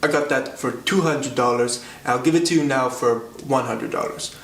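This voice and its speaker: A man's voice: mid-range voice, moderate pace, fairly bright tone, lightly acted. A man voicing a skinny, grumpy old male shopkeeper who barks and haggles hard, recorded from a distance in a roomy space. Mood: haggling. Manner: gruff, barking, pushy haggling.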